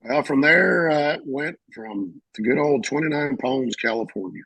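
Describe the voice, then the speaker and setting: A middle-aged man, a veteran, telling his service stories casually and acting out the shouted lines of others. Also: mid-range voice, measured pace, vocal fry, no echo, low-quality recording. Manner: animated, acts out shouted quotes. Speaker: veteran interviewee. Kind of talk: casual storytelling.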